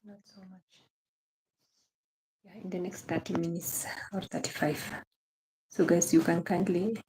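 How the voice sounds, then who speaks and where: A woman's voice: fairly low pitch, fairly even intonation, unhurried, mellow, a little hiss or hum. A young Kenyan woman hosting a casual livestream, greeting viewers by name and gushing praise and thanks, repeating her phrases. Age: young adult. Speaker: livestream host.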